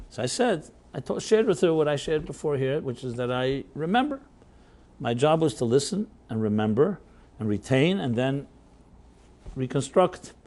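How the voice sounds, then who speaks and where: A man, a rabbi, telling a story to a workshop audience in a loose conversational way, full of fillers, chuckles and tag questions. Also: mid-range voice. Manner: anecdotal, chuckling, filler-heavy.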